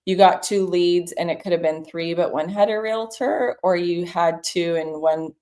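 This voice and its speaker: A woman from California with a Californian accent, a real estate broker chatting casually and upbeat while making cold calls. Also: lowish voice. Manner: upbeat, chatty, quick bursts of excitement. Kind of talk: casual livestream chat while cold calling.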